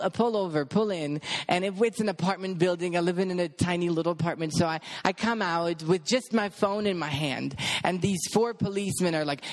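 A man telling a personal testimony, acting out the voices of people in the story as he goes. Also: fairly high pitch. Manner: animated storyteller acting out dialogue. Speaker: ministry worker.

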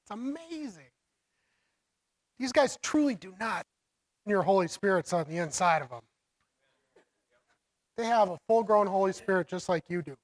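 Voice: medium pitch, lively intonation, normal speed, pauses often, rough recording. Chatty preacher, loose and laughing, trips over words, unscripted sermon. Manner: rambling, many restarts and fillers, laughs often. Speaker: preacher teaching about the children's ministry.

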